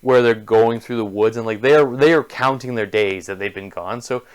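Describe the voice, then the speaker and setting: A man's voice: medium pitch, moderate pace, clean tone. A man giving a casual spoken book review, enthusiastic and gushing, with lots of filler words.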